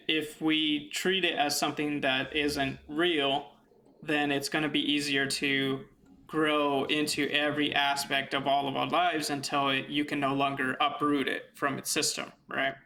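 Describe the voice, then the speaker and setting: A man's voice: fairly high pitch, bright, forceful tone. A man talking through his ideas in an unscripted monologue, rambling with fillers and restarts and thinking aloud. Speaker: video essay host.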